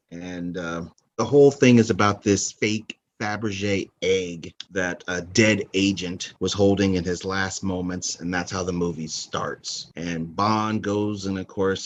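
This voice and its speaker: Deep-voiced chatty man, casual podcast host. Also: a little hiss or hum. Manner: chatty, frank, swears casually, laughs at own jokes. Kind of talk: casual movie countdown commentary.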